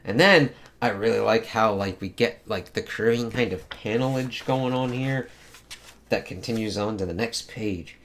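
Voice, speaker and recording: A man's voice: fairly low pitch, moderate pace. A man casually reviewing a comic book, rambling and swearing a lot, with many filler phrases.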